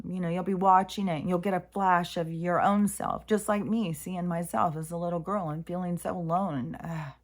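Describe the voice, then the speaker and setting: A middle-aged woman vlogging about her spiritual healing, talking in an earnest, meandering way with many fillers. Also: lowish voice. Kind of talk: rambling personal reflection.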